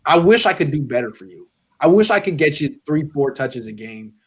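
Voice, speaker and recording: A man's voice: on the high side, very animated, brisk, husky. A man on a sports podcast, bluntly and sarcastically grading football players as if speaking to them directly. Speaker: guest sports commentator. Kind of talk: casual podcast chat.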